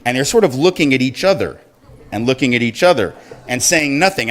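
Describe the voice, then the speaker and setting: Animated man telling a story on stage. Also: a little high, a little fast. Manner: animated, acts out quoted voices. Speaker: public speaker. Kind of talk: storytelling speech to an audience.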